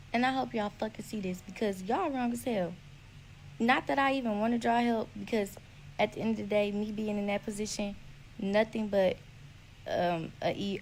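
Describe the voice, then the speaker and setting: A young woman telling her own story in a blunt, profane, animated way. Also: medium pitch, gravelly, slight background noise, low-quality recording. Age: young adult. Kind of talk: casual storytelling.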